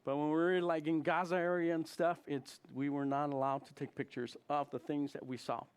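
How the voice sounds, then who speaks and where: A chaplain in his fifties gives a loose, conversational sermon. His voice sits a little high for a man. He keeps it animated, laughing often and slipping into the voices of people he quotes. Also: fairly quick, smooth. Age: 50s. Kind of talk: informal sermon talk.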